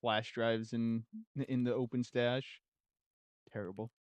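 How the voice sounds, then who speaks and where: A man's voice: medium pitch, little pitch movement, takes it slowly, no echo. A man streaming a game and chatting casually with viewers, laid-back and laughing often between his thoughts.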